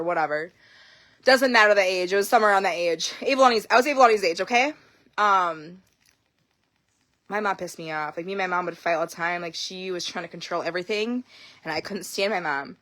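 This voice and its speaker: A woman's voice: medium pitch, fairly bright tone, no room sound. A young woman vlogging in a casual confessional monologue, candid and blunt, swearing freely and telling her story with animation.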